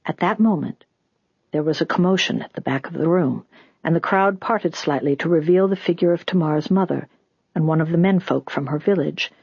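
An audiobook narrator reading a story in an even, deliberate way. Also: medium pitch, husky, no echo, lo-fi sound.

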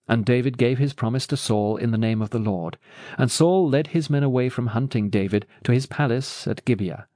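A man's voice: mid-range voice, no echo. A man reading a Bible story, dry. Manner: steady, measured reading. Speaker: narrator. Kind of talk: scripted Bible story narration.

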